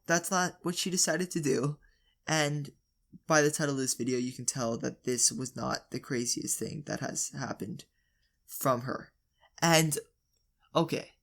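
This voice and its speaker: A teenage vlogger telling a storytime tale in a chatty, exaggerated way with quick asides. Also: mid-range voice, a bit bright. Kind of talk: storytime narration.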